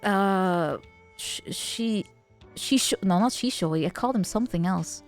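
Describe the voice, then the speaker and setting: A woman's voice: mid-range voice, a little slow, soft background music. A woman streamer chatting casually, rambling and joking and often breaking into laughter. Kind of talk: casual chat.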